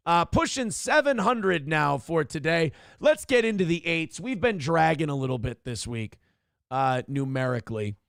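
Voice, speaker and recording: A man's voice: fairly high pitch, creaky, fairly bright tone, clean tone, dry recording, studio quality. Profane, sarcastic male show host. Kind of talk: casual live-stream commentary reading chat.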